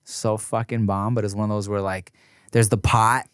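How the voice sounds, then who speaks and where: A man's voice: on the low side, level tone, normal speed, clean tone, no room sound. Laid-back slangy man, dry close mic. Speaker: podcast co-host. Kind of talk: casual chat.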